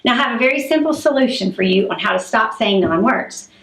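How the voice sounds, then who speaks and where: A woman's voice: a little high, animated, fairly quick, a bit bright. Woman teaching in an echoey classroom. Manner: clear and demonstrative, acting out examples. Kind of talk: classroom lesson on public speaking. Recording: echoey room.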